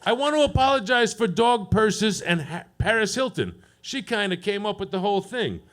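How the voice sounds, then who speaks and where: A man doing a profane stand-up set at an open mic, deadpan and teasing the crowd. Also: high voice, moderate pace. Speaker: stand-up comedian. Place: comedy club stage.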